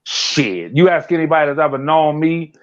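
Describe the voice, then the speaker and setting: A man talking bluntly in a casual live-stream chat, animated, swearing and often laughing. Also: a little high, normal speed. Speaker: guest commentator. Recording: dull lo-fi stream audio.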